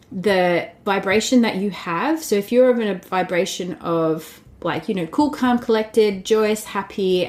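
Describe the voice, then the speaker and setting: A woman's voice: mid-range voice, a little mellow. A woman, hosting a casual solo podcast in a chatty, upbeat way full of "like" and "babes". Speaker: podcast host.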